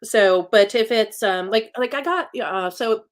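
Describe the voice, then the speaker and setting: A woman in a casual live-stream chat who talks fast, chats freely and wanders off topic. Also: a little high. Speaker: YouTuber and teacher.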